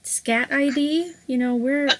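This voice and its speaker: A woman's voice: sits high, slow. A woman co-hosting a casual podcast, rambling with many hesitant fillers. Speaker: podcast co-host.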